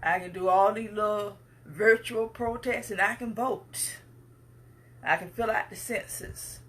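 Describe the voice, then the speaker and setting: Speaking to the public, this woman in her 50s delivers a fervent address full of emphatic repetition and a preacher's rhythm. Her voice is medium-pitched, a bit bright, and steady in tone, moving at a measured pace.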